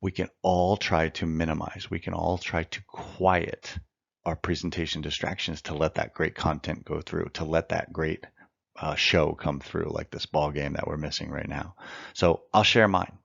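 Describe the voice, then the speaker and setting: A man teaching mock trial in a recorded lecture, earnest and emphatic, repeating phrases for effect and working to slow his naturally fast speech. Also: rumbling low, little pitch movement, vocal fry, a bit bright, husky, no echo, muffled recording.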